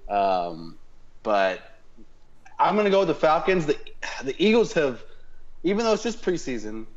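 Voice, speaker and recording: A man's voice: fairly high pitch, very animated, normal speed, lo-fi sound. A man co-hosting a football podcast, chatting casually and thinking aloud with fillers. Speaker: podcast co-host.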